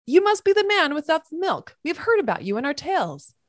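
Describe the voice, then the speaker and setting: A woman voicing a chatty, fashion-minded female pony in a storybook read-aloud, high and loud. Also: big pitch swings, a little fast, no room sound, studio quality. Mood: breezy.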